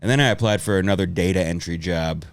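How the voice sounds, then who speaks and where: A man's voice: deep voice, quick pace, no echo. A man telling rambling, profane stories in a casual podcast chat, laughing as he goes. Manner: rambling storytelling, laughs often, swears. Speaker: comedian guest.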